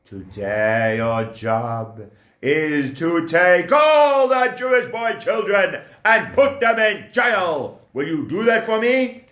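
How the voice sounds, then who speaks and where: A man voicing a scheming Egyptian king as a gruff pirate, growling and bossy, for a children's storybook tale. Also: sits high, lively intonation, takes it slowly, a bit bright, full character voice. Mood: commanding. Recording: echoey room.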